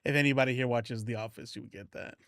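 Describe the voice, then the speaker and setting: A man's voice: mid-range voice, steady tone, fast talker, no echo, studio quality. A man streaming live, chatting casually and joking around with a put-on Southern accent, full of restarts and asides. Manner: rambling and joking, frequent restarts and laughs, doing a put-on country accent.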